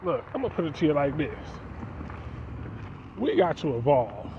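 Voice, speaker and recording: A man's voice: a little high, wildly swooping pitch, normal speed. A man talking casually to his viewers in a preachy monologue, firing off rhetorical questions. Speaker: vlogger. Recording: dull lo-fi sound with faint street noise.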